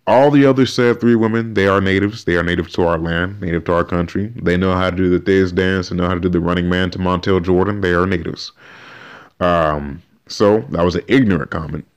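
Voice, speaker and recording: A man hosting a podcast, giving animated, emphatic opinion commentary and often restarting his sentences. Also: deep voice, a little fast, clear, resonant tone. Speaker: podcast host.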